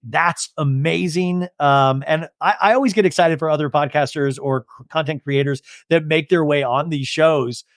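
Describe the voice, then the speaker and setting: A man's voice: a little high, normal speed, hardly any pauses, no echo, clean studio sound. A young adult man hosting a podcast, giving a casual, jokey recap of a TV episode and acting out quotes. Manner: animated, jokey, acts out quotes. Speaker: podcast host.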